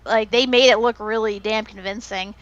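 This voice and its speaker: A woman's voice: a little high, steady tone, normal speed, dry recording, highs cut off. A woman co-hosting a podcast, chatting casually and sharing trivia with many fillers. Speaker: podcast co-host. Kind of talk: casual chat.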